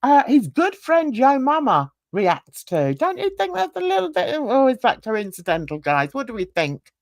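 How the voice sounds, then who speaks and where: Lively, chatty woman host. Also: sits high, normal speed, dry recording, clean studio sound. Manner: chatty, rambling, with many fillers. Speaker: livestream host. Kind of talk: casual panel chat.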